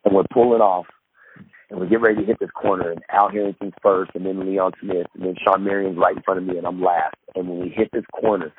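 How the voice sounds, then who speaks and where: The podcast guest, once a professional basketball player, talks fast in a low-pitched, level voice, meandering through a lengthy story with plenty of fillers and false starts. He imitates what others said, and the audio is tinny like a phone line, with faint noise.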